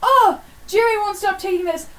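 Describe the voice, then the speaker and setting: A woman voicing a goofy, excitable boy who writes silly letters, with squealing, over-the-top exclamations. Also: very high-pitched, moderate pace, voice pushed up. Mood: manic. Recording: distant mic.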